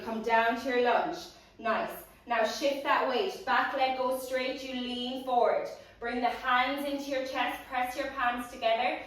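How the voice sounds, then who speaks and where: A woman teaching a pilates workout, giving steady, encouraging cues and counts. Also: a little high. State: out of breath at times. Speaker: pilates instructor. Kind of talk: guided workout cueing. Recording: roomy echo, voice from a distance.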